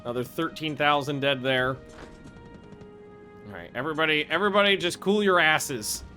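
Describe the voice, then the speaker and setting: Excitable, swearing man commenting on a game. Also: fairly high pitch, normal speed, soft background music. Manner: excitable, swears freely, thinks aloud with restarts. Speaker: gaming video host. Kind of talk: casual strategy game commentary.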